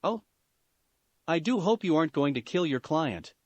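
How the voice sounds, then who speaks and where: A man's voice: on the high side, expressive, moderate pace, no echo. A man voicing a polite, mild-mannered teenage schoolboy who stays unflappable.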